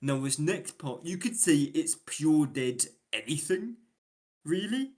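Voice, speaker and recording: A man's voice: fairly high pitch, big pitch swings, slow, darkish tone. Man, yorkshire accent, casual chat, chatty, frequent laughs, filler words. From England. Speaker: host presenting British slang.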